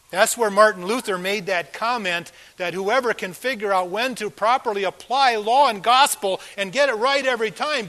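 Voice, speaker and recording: Older preacher guy, kinda high voice, gets loud then goes real quiet, earnest sermon. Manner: earnest, swings between loud emphasis and soft quiet asides. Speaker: pastor.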